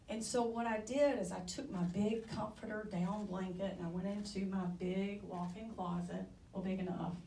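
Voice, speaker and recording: A woman's voice: medium pitch, a little mellow, distant mic, slight background noise. A woman in her forties tells her own story to an audience in a frank, conversational way, sometimes laughing at herself. Her voice rings through a roomy hall and is picked up from a little way off the mic. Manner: candid, conversational, self-deprecating. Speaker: speaker. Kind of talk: personal storytelling talk. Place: theatre stage.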